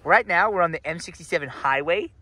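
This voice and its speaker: A man's voice: fairly high pitch, a little fast. A man, hosting a casual vlog from a car and joking around with his passengers. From England. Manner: joking and teasing, lively. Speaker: vlogger and host. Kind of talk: casual chat. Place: inside a car in traffic.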